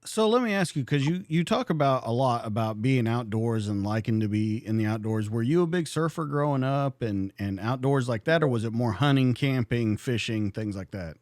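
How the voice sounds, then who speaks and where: A man's voice: mid-range voice, normal speed, few pauses, no echo, studio quality. A man hosting a podcast, asking a guest about his past in a conversational way. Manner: lively, conversational, with fillers. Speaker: podcast host. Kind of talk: interview questions.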